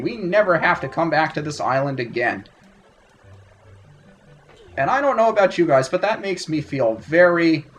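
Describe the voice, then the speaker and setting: A man hosting a let's play, giving chatty, self-mocking, excitable video game commentary. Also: fairly high pitch, a little hiss or hum.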